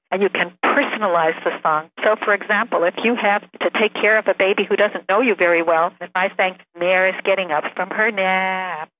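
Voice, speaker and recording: A woman interviewed as an expert on babies and music, explaining in a gentle, animated way. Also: medium pitch, lo-fi sound, a little hiss or hum. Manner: gentle, animated, explanatory, sings short demonstrations. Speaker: child development expert guest. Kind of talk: interview answers.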